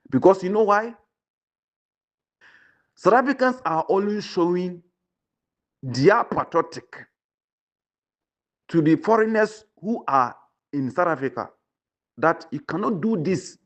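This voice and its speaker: A man giving opinion commentary, preachy and repetitive, often checking in with the listener. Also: fairly high pitch. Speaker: online commentator.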